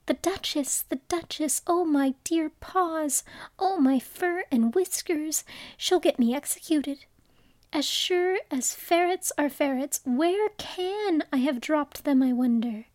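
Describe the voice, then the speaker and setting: A woman's voice: high voice, animated, measured pace, darkish tone, dry recording. A woman voicing a fussy, anxious male rabbit who mutters to himself in a flustered way, in a storybook reading. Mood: fretful muttering.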